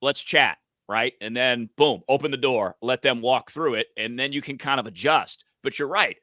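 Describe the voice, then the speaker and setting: A former radio man talks through phone-call tips in an easy conversational way. His voice is bright and forceful, recorded dry with no room sound. He lets his pitch rise and fall for emphasis. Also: moderate pace, dry recording. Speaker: podcast guest, voice coach. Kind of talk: conversational advice.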